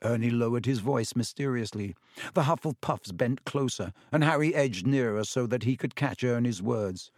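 A man reading a novel aloud in an even, measured narration. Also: mid-range voice, dry recording, studio quality. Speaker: audiobook narrator. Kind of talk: scripted narration.

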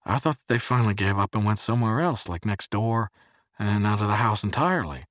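A man voicing a frantic, paranoid adult man who has gone days without sleep, yelling and rambling in a strained voice. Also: fairly quick, no room sound, clean studio sound, natural voice. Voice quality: strained, shouting high voice.

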